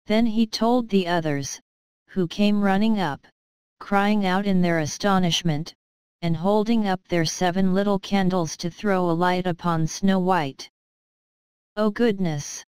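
Slow, clear woman reading a fairy tale. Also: on the low side, no room sound, rough recording. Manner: careful, evenly paced reading. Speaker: storybook narrator. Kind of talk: slow scripted narration for English learners.

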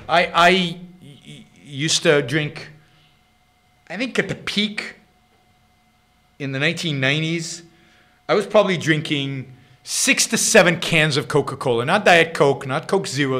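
A man's voice: a little high, fairly bright tone. A middle-aged man with an Israeli accent hosting his own show, answering listener questions in emphatic, unscripted commentary full of repeats and restarts.

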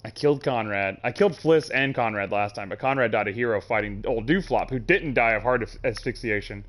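A man streaming a game live, chatting in an animated, joking and profane way. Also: medium pitch, a little fast. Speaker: gaming streamer. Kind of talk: casual live-stream commentary.

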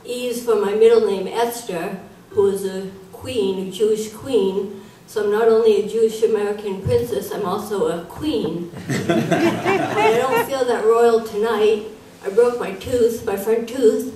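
A woman's voice: mid-range voice, unhurried, dark tone, slight background noise. Woman doing stand-up in an echoey room. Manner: joke-telling, acts out characters in her jokes. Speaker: open mic comedian. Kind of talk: stand-up comedy. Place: live venue with audience. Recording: echoey room, mic from far off.

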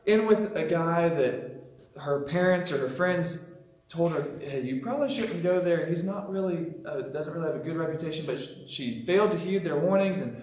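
A man's voice: a little high, expressive, normal speed, a little mellow. A man teaching a Sunday school lesson, retelling a scripture story in a casual way and putting on voices for the people in it. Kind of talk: sermon storytelling. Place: church. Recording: echoey room.

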